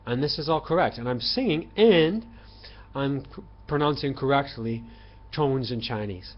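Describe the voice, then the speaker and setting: A man giving an opinionated online language lesson, talking emphatically with throat clearing and fillers. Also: animated, measured pace, dull audio. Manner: voices tones with sudden loud highs and quiet lows. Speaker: language teacher.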